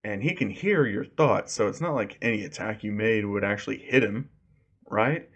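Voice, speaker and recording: A man's voice: lowish voice, normal speed, husky, dull audio. A man voicing a cautious, sensible teenage boy giving a reasoned warning.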